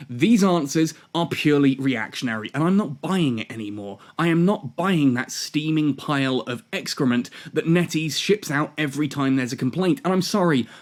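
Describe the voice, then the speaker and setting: Male gaming host, worked-up and sarcastic monologue, slightly high-pitched. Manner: exasperated, ranting, sarcastic. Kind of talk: video game commentary monologue.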